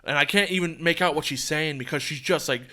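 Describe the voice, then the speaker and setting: A young man hosting a podcast, telling a story in a casual, profane, animated way. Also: on the high side, fast. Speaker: podcast host.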